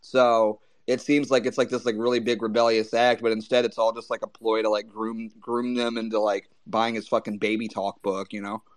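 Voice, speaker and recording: A man's voice: lowish voice, little pitch movement, normal speed, few pauses. A man co-hosting a casual podcast chat, heated and mocking, swearing often and filling gaps with "like". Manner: profane, heated and mocking, with many fillers.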